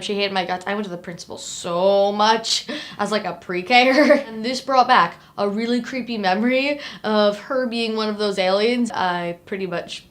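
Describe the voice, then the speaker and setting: A woman hosting a casual sci-fi movie review, talking in a chatty, animated way with lots of "like" fillers and giggly asides. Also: mid-range voice.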